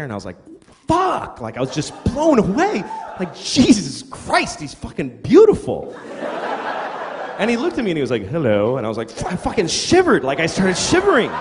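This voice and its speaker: A man performing a profane, ranting stand-up comedy routine on stage. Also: on the high side. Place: live comedy venue. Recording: echoey live club with audience noise.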